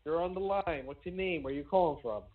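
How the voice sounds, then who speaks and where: A male host runs a call-in sports show and takes calls at a brisk clip. His voice is a touch high. The sound is thin and tinny. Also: slight background noise. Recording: tinny phone-like audio.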